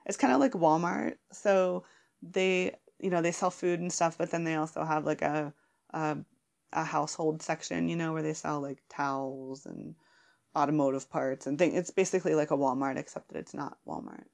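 Giggly, rambling woman with a gravelly voice. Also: sits low, fairly even intonation, normal speed, a little mellow. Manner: giggly, rambling, many fillers and restarts. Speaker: guest answering questions. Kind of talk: casual chat.

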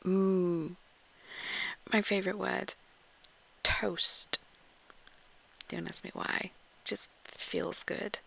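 Slow, giggly woman with a posh English accent. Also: fairly low pitch, little pitch movement, creaky, poor audio. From Yorkshire, England. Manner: often drops to a soft whisper; giggly, with frequent ums. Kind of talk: casual audio post reading word lists.

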